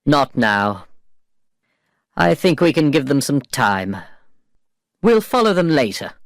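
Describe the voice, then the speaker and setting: A man voicing a proud naval commodore who barks orders and later speaks with calm dignity. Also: medium pitch, takes it slowly, dry recording, studio quality. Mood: resigned. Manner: commanding shouts, later calm.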